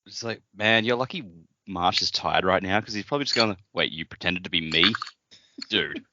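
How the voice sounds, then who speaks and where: A man's voice: sits low, normal speed, sharp tone, no room sound, highs cut off. A man co-hosting a casual podcast, joking and riffing on scenes with made-up dialogue. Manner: jokey, riffs on scenes with mock dialogue. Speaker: podcast co-host. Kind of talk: casual book discussion.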